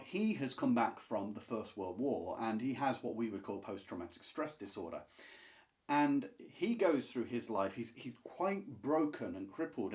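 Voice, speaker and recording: A man reviewing classic books to camera in a casual, enthusiastic, chatty way, with asides and restarts. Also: fairly low pitch. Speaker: book reviewer.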